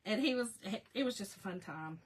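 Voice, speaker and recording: A woman's voice: medium pitch, expressive, a little fast, husky. A woman hosting a casual live crafting chat, talking to viewers by name and laughing often. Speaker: craft livestream host.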